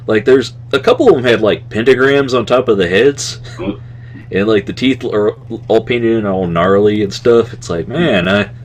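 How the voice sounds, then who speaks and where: A podcast co-host chats casually in a fairly low voice at a moderate pace, rambling from one thought to the next, chuckling and trailing off with "anyway." A little hiss or hum sits under the recording.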